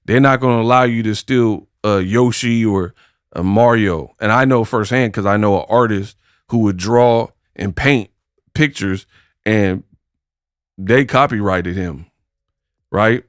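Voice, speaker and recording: Boxing commentary host, smooth clear voice, dry close sound, exasperated rant. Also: male voice, fairly low pitch, measured pace, dry recording. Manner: exasperated, lots of rhetorical questions.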